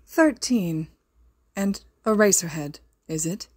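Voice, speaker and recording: A woman's voice: lowish voice, animated, takes it slowly, a little mellow, dry recording. A woman voicing a posh, elegant male villain made of mist in a podfic reading. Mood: cool.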